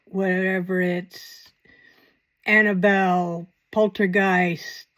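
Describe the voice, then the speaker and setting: A woman's voice: fairly low pitch, little pitch movement, takes it slowly, fairly bright tone. A woman hosting a paranormal channel, talking in a casual, rambling commentary with wry, self-mocking asides.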